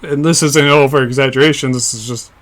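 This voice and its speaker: A man's voice: medium pitch, fairly even intonation, fairly quick, fairly bright tone. A young man co-hosting a casual history podcast, explaining events at length with frequent fillers and restarts. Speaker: podcast co-host.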